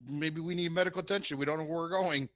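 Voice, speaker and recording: A man playing a tabletop game, making plans in a brisk, decisive way. His voice sits a little high for a man. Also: fairly even intonation, fairly bright tone, lo-fi sound, slight background noise. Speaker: player. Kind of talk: casual tabletop game play.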